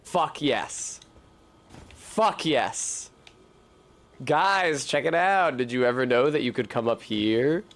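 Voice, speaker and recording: A man's voice: a little high, fairly bright tone. A man giving casual, profane, jokey commentary while playing a game on stream.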